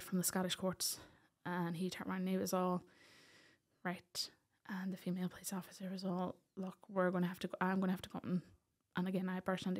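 A woman tells her own story as a podcast guest. She speaks earnestly in a mid-pitched voice with fairly flat intonation. She acts out the lines of the people in her story. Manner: earnest, acts out what others said. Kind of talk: personal storytelling in conversation.

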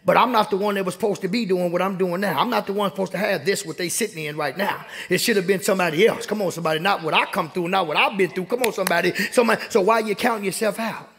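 A young man preaching a sermon in a church, calling out to the congregation and rising to shouts. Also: high voice, racing, creaky, few pauses. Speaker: pastor. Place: church sanctuary.

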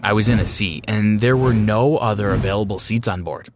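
A man narrating a dramatic first-person story in an expressive storytime style. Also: on the low side, a little fast, noisy background.

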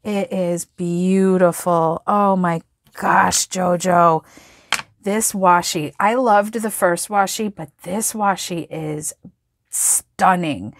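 Gushing woman in a slow flip-through. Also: fairly low pitch, fairly even intonation. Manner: gushing, gasps and exclaims over items. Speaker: planner and sticker vlogger. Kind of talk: excited product flip-through.

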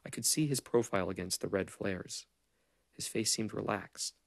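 Low, gravelly male audiobook narrator. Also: moderate pace, no room sound. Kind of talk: audiobook reading of a novel.

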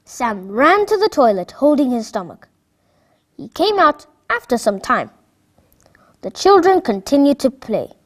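A woman narrating a children's story in a clear, expressive read-aloud voice. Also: high voice, a little slow.

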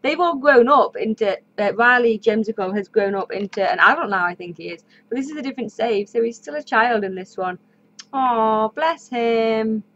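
A woman's voice: fairly high pitch, animated, normal speed, fairly bright tone. A woman hosting a let's play, giving casual, chatty commentary and talking to the characters on screen. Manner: chatty, talks to the game characters. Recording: slightly dull lo-fi audio.

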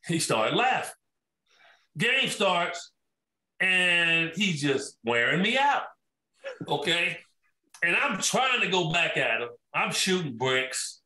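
A man's voice: high-pitched, big pitch swings, normal speed, pushed and bright, reverberant, far from the mic. A man who once played the game tells a story from his rookie days, acting out the lines of the people in it. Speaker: former player telling a story. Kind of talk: animated storytelling.

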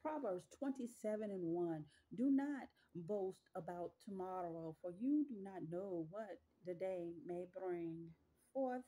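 A woman delivers a fervent, preachy monologue straight to her viewers, hammering her points home through repetition. Her voice is husky and warm, with a mellow, darker tone. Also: lowish voice, expressive, unhurried, poor audio. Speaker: spiritual vlogger.

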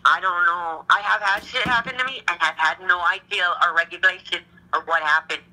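A woman's voice: lowish voice, fairly quick, bright, forceful tone. A young woman on a recorded phone call, anxious and rambling, repeating herself and swearing casually. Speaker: caller.

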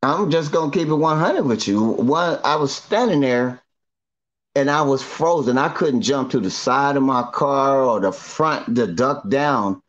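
A man's voice: medium pitch, unhurried, dull audio. A middle-aged man from Northern California giving an emotional testimony, a slangy storyteller who repeats himself and often restarts. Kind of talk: emotional first-person storytelling.

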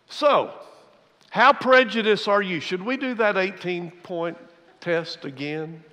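A male senior pastor preaching a sermon. His fairly high voice lands hard on his points and repeats them for effect. A long reverb from the church hall trails after each phrase. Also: a bit bright.

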